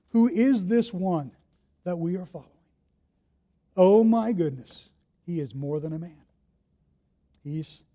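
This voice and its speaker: A man preaching a sermon, telling the story vividly and swinging between hushed and loud delivery. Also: high-pitched. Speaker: pastor.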